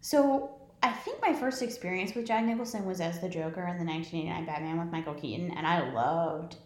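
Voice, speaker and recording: A woman's voice: on the low side, a little fast, darkish tone. Chatty woman in an echoey room. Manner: chatty, rambling, swears casually. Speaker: podcast co-host. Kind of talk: casual movie chat. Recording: roomy echo.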